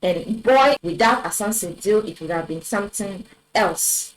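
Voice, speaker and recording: A woman teaching a French lesson online, repeating each example word slowly and clearly. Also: medium pitch, rough recording. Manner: slow, deliberate, repeats words for clarity.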